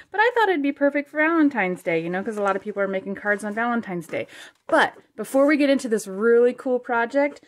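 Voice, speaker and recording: Gushing, chatty woman crafter. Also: medium pitch. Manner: chatty and gushing, with many fillers and excited exclamations. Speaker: craft channel host. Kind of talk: casual crafting unboxing vlog.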